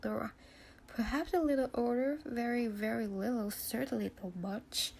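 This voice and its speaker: Playful young wife, read by a woman in a soft gravelly voice, a bit higher, stuffy nose, faint hiss. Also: moderate pace. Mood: eager.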